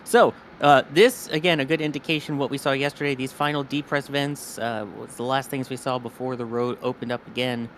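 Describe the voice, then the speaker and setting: Joking man with a softened Jersey accent. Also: mid-range voice, fairly even intonation, slight background noise. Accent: softened North Jersey. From New York, New Jersey border. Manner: joking, quick banter. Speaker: livestream co-host. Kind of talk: casual live commentary.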